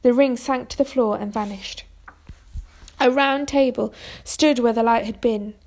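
A woman reads a children's storybook aloud in a steady, even voice. Her voice sits a little high and carries a gravelly fry. Now and then she stumbles and restarts a word. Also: a little slow. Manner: steady reading with small restarts. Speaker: narrator. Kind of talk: storybook reading.

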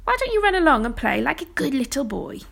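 A woman's voice: sits high, sing-song, fast talker, creaky, a bit bright, voice pushed up, exaggerated voice. A woman voicing a haughty, spiteful young knight who snaps and sneers at his younger brother. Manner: haughty, snapping.

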